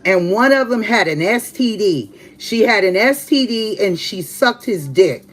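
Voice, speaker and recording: A woman hosting a live stream, telling a story to her chat in a blunt, profane, animated way. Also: mid-range voice, unhurried, low-quality recording. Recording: steady background noise with passing vehicles.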